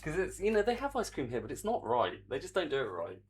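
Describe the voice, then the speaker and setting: A man's voice: mid-range voice, huge pitch swings, fast, slightly rough. An older man, chatting casually on a live stream while he works on a game, reading the chat aloud and swearing mildly.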